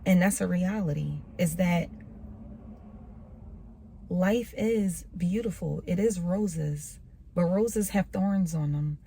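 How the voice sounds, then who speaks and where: A woman's voice: fairly low pitch, slow, gravelly, pauses often, dark tone, slight background noise. A woman vlogger giving a casual, earnest motivational talk on faith, repeating phrases for emphasis in a preacher-like way.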